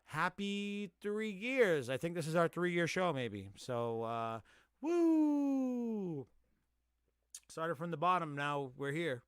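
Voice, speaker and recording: Bright-voiced man rapping a long list. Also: a little high, clean tone, dry recording, clean studio sound. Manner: rapid rhythmic list rapping, swearing, self-mocking. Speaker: podcast host. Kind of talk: casual live-stream chat.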